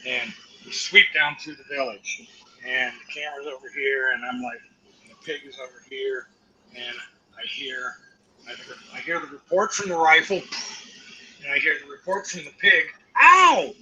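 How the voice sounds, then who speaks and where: Older male guest, profane raconteur, bright and forceful tone. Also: on the high side, slight background noise, poor audio. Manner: profane, animated, acts out quotes. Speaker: guest actor. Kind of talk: anecdotal storytelling to a live audience.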